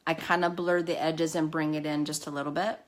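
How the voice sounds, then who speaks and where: A woman's voice: low voice, flat delivery, a little fast. A woman hosting a casual live makeup tutorial, chatting nervously and laughing at herself as she works. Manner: chatty, nervous, self-deprecating, with a nervous cough. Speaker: makeup live-stream host.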